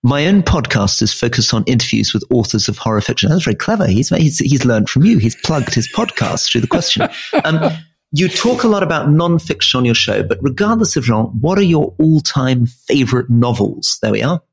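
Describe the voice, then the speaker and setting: A man's voice: medium pitch, big pitch swings, fairly quick, gravelly, breathy edge. A middle-aged man co-hosting a podcast, talking in a wry, self-deprecating way with frequent restarts. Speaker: podcast co-host. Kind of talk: casual podcast chat.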